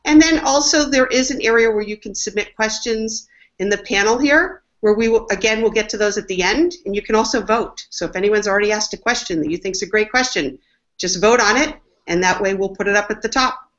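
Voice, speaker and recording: A woman's voice: mid-range voice, fairly quick, a bit bright. A woman hosting a business webinar, introducing panelists in an upbeat, enthusiastic way over dull lo-fi webinar audio. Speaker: webinar host, marketing executive.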